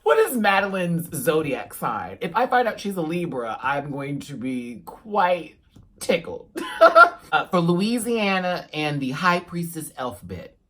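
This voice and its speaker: A man giving a casual reaction review to his viewers, animated and sassy, with playful asides. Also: on the high side, a little slow, slight background noise. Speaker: YouTube reviewer.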